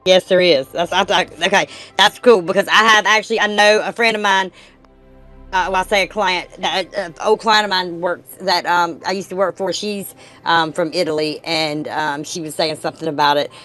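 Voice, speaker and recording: A woman's voice: on the low side, steady tone, moderate pace, fairly bright tone, soft background music. Chatty middle-aged woman, emphatic. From North Carolina. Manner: emphatic, agreeable, chatty with many fillers. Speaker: podcast guest. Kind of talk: casual chat.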